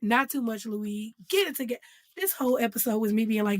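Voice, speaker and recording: A woman hosting her own show, recapping a TV episode in a casual, animated and emphatic way. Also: on the high side, moderate pace, vocal fry, husky, dry recording. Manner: animated and emphatic, acting out characters' lines and calling them "girl". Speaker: host reviewing a TV episode.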